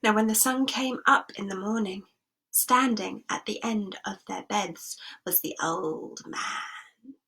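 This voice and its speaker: A woman's voice: mid-range voice, slow pace, vocal fry, pushed and bright, slightly rough. A woman storyteller telling a sensory story expressively, dropping into whispers and inviting listeners to join in.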